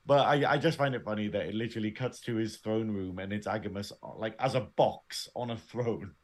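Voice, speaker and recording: A man's voice: on the low side, fairly quick. A man co-hosting a casual review podcast, laughing often as he retells scenes. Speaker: podcast co-host.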